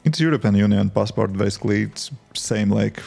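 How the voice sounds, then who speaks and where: A man with a low, gravelly voice, chatting loosely on a coding live stream. He thinks out loud and answers viewers between tasks. Soft music plays faintly behind him. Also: brisk. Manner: thinks aloud, talks to chat and to his tools. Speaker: app developer streaming his work. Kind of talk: casual live-stream chat while coding.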